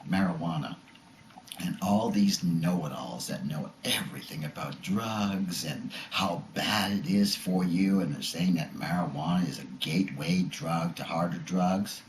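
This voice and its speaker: A man's voice: low voice, a little slow, roomy sound, slight background noise. A man in his fifties talking casually and rambling, with many fillers, who acts out short quoted lines while he tells a story. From Canada. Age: 50s. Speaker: vlogger.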